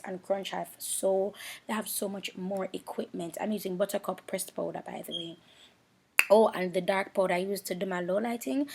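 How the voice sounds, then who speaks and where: A woman's voice: on the low side, vocal fry. A woman with a Jamaican accent talking through a makeup voice-over, candid and rambling, sometimes close to tears. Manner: candid, rambling, emotional and self-searching. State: near tears at times. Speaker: beauty vlogger. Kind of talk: confessional voice-over chat.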